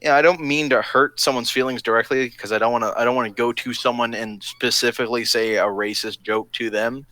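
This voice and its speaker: A man's voice: mid-range voice, fairly even intonation, brisk, hardly any pauses, pushed and bright. A man hosting a live stream chat, talking in a rambling, digressive, cheerfully provocative way. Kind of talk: casual chat.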